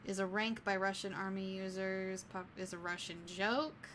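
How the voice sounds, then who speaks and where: Bright-voiced woman reading a game aloud. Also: mid-range voice, fairly even intonation, moderate pace, slight background noise. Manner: breaks off reading to apologize and joke. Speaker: streamer.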